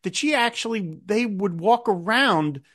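Lively middle-aged man, chatty podcast host. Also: high voice, a little slow. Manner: animated, chatty, tangents and asides. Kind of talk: casual chat about a TV show.

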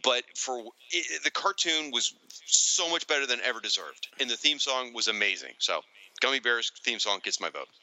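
A man co-hosting a casual chat, excitable and animated, now and then slipping into silly voices for quoted lines. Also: mid-range voice, moderate pace, rough recording. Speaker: podcast co-host. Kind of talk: casual chat about retro cartoons.

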